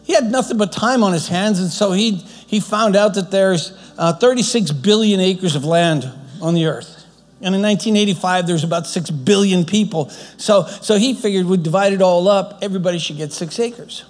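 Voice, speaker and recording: A man's voice: high-pitched, normal speed, long reverb tail. A man preaching a sermon, retelling a story earnestly, often restarting his phrases.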